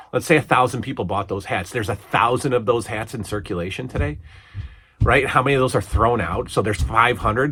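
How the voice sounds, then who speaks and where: A man's voice: medium pitch, fairly bright tone. A man hosting a casual wrestling review show, rambling along with amused asides and many restarts.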